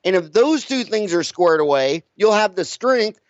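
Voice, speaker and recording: A man's voice: sits high, animated, moderate pace, dry recording. A middle-aged dentist, a man, talking bluntly and with emphasis as an interview guest, often repeating his words. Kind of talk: casual interview talk. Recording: dull lo-fi recording.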